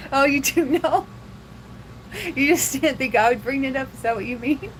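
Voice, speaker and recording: A woman's voice: sits high, moderate pace, a little hiss or hum, poor audio. A young woman hosting a casual livestream, chatting loosely with viewers and laughing often. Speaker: livestream host.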